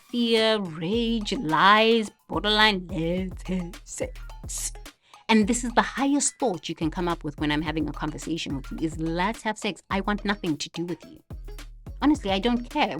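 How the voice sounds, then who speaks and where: A woman giving an animated spiritual monologue to camera, often laughing and mimicking others. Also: mid-range voice. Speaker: vlogger.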